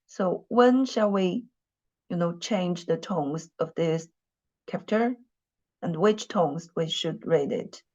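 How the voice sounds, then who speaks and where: A woman's voice: lowish voice, takes it slowly, a little mellow. A woman teaching a Mandarin class in English, repeating phrases and using many fillers. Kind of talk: classroom lesson. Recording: dull lo-fi sound.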